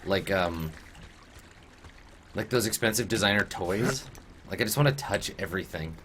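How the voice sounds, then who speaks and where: A man's voice: sits low, moderate pace, a bit bright, slight background noise. A man giving casual, playful commentary while playing a video game. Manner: chatty, playful, joking. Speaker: game streamer. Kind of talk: casual let's-play commentary.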